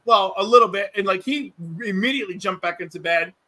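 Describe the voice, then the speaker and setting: A man hosting a livestream, telling stories in a casual, animated way and acting out quotes. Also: sits high, fast talker, dry recording, poor audio. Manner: animated, acts out quotes, many restarts. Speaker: livestream host. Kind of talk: casual storytelling chat.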